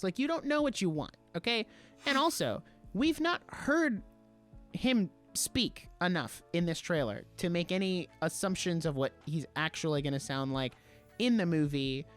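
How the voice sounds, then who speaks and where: A young man co-hosting a podcast, talking casually and defending his opinions with animated emphasis. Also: sits high. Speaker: podcast co-host.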